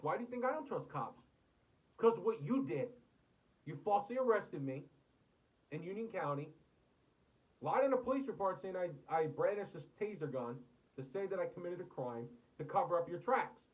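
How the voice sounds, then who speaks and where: A man's voice: sits high, lively intonation, normal speed, breathy edge. An American man delivering an angry, profanity-filled rant to camera, cursing and repeating himself. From United States. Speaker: vlogger. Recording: tinny phone-like audio.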